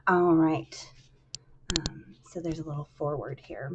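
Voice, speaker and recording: A woman with a slightly low voice reads a novel aloud for her stream. She speaks softly and quietly, pausing with casual fillers between passages. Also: a little hiss or hum.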